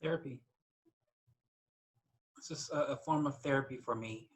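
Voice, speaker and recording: A man's voice: mid-range voice, normal speed, slightly rough, rough recording. A man talking candidly as a writer guest in a casual interview, rambling a little with restarts.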